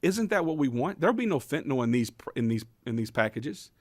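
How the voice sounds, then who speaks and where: A man's voice: medium pitch, sing-song, fast, no echo. Man, state rep, passionate testimony, stories and rhetorical questions, dry close mic. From Kentucky. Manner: impassioned storytelling, building to emphatic rhetorical questions. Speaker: state representative, bill sponsor. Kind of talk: legislative committee testimony.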